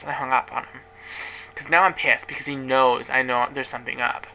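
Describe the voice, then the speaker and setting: Young man, chatty gossip storyteller, very bright sharp tone, slight background noise. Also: mid-range voice, steady tone, fairly quick, gravelly, poor audio. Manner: chatty, dramatic, swears freely. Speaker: vlogger. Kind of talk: casual storytelling to camera.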